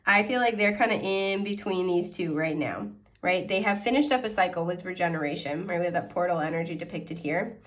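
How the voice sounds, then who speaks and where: A woman gives her viewers a casual tarot reading, chatty and giggly, with frequent ums and likes. Her voice is lowish, brisk and fairly bright.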